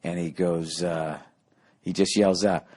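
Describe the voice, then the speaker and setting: A man's voice: low voice, takes it slowly. A man who hosts a podcast and tells stories in a casual, rambling monologue, cursing often. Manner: profane, animated storytelling. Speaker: comedian and podcast host. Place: on the road while touring.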